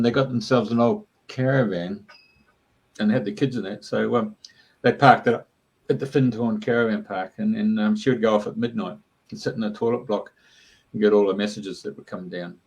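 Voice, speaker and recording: Gravelly man telling rambling stories. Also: fairly low pitch, steady tone, moderate pace, rough recording. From Australia. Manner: rambling and chatty, with many fillers. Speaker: interview guest. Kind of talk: casual storytelling.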